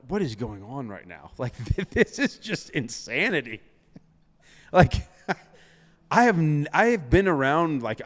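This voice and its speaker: A young man, a DJ, telling a story in casual chat, animated, laughing often and filling with lots of "like". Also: medium pitch, long reverb tail. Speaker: DJ and podcast guest.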